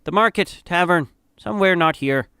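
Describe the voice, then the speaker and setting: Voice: mid-range voice, moderate pace, sharp tone, smooth, no room sound, studio quality. A man voicing an indifferent neighbor who answers offhandedly. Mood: offhand.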